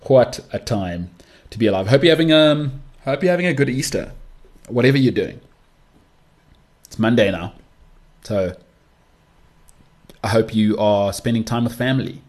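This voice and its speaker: A man's voice: medium pitch, normal speed, pauses often. A young man hosting a solo podcast, talking in a chatty, rambling way with mocking asides. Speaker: podcast host.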